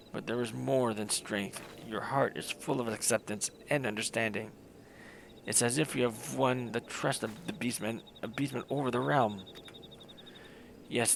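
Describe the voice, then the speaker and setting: Faint, earnest wounded young woman in a game, hesitant and pleading, read by a man with a gravelly tone. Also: medium pitch, a bit bright, slight background noise.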